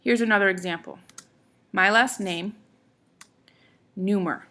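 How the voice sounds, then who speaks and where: A woman's voice: mid-range voice, a little slow, fairly bright tone. A woman teacher giving a classroom lecture, explaining step by step in a patient way and often checking in with her students.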